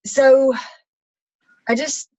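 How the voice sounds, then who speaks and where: A woman's voice: sits high, steady tone, drawn-out words, a little mellow. A woman, a fitness coach, telling her personal story in a candid, rambling way full of ums and restarts. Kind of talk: personal testimony talk. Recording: slightly dull, lo-fi sound.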